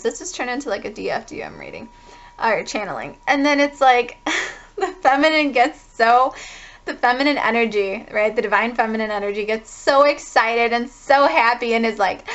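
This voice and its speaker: Female tarot reader, higher pitch, loose profane rambling delivery, dull lo-fi recording. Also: lively intonation, normal speed, fairly bright tone. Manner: rambling, full of "like", swears casually. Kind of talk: casual spiritual reading.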